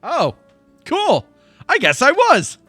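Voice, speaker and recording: A man's voice: very high-pitched, slow pace, no echo, faint music behind. A man streaming a game, chatting casually and laughing often. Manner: laughs a lot, chatty and animated.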